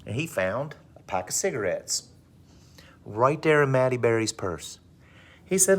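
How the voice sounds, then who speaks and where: A male teacher telling a dramatic story to his class with animated delivery. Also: mid-range voice, measured pace. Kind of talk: storytelling in a lesson.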